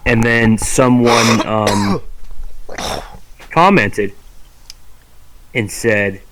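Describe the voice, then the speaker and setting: A man's voice: lowish voice, fairly even intonation, slow pace, long pauses, fairly bright tone, slight background noise, low-quality recording. A man co-hosting a podcast in casual chat, rambling and cursing, often laughing into his words. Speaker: podcast co-host.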